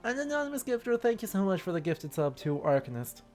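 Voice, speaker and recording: A man's voice: high voice, big pitch swings, fast talker, darkish tone, faint music behind. A man streaming a game live, cracking jokes and making scattered asides between reading lines.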